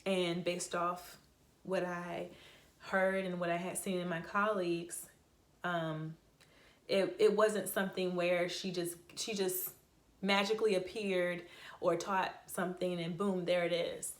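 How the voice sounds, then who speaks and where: A woman's voice: on the low side, level tone, a little slow. A young woman telling a heartfelt, rambling personal story in a casual vlog, with many fillers and restarts. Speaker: vlogger, voice teacher. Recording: echoey room.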